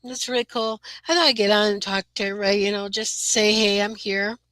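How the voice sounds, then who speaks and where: A woman hosts a relaxed live chat from her room, greeting viewers by name and rambling along with lots of fillers. Her voice is bright and forward. The sound is dry and close, picked up by a computer mic. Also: mid-range voice, fast talker, dry recording, low-quality recording. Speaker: livestream host.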